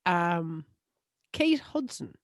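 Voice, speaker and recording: A woman with an Irish accent co-hosting a casual podcast, telling stories in an animated, laughing way. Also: fairly low pitch, very slow, no room sound, studio quality. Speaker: podcast co-host. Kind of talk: casual chat.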